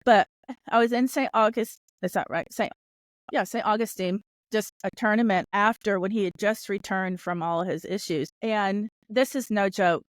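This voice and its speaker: A woman's voice: medium pitch, moderate pace, no room sound. A woman hosting an interview podcast, talking in a reflective, chatty way and sharing her opinions. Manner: reflective, chatty, laughs along with the guest. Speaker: podcast host. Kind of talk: conversational interview.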